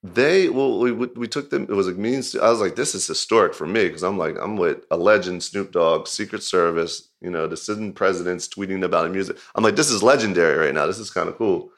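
Low-voiced man telling a rambling story. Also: fairly quick, few pauses. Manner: rambling, filler-heavy storytelling with frequent "like"; animated, laughing retelling. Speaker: music video director. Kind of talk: casual anecdote in an interview.

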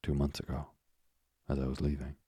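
A man's voice: a bass voice, monotone, brisk, warm tone, husky, no room sound, heavily acted. A man voicing an earnest young sailor speaking to his father in an audiobook, urgent and eager.

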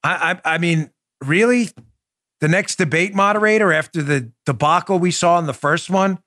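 A man hosting a political talk podcast, his voice sitting somewhat high for a man. He argues with emphatic indignation and speaks straight to his audience. The recording is close and dry, with almost no room sound. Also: moderate pace, bright, forceful tone, no room sound. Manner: emphatic, indignant, addresses listeners directly. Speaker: podcast host. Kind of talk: political commentary show.

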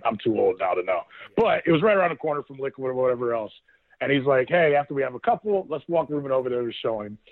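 A man's voice: a little high, no echo. A man in his thirties telling a story casually on a radio show, laughing often and quoting people as he goes. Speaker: former football player, guest. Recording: tinny phone line.

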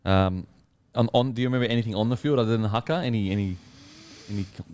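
A man hosts a relaxed interview, firing off chatty questions at a quick clip. His voice sits a little low, and he keeps the talk moving with short nods of agreement. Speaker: podcast host, interviewer. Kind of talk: casual interview.

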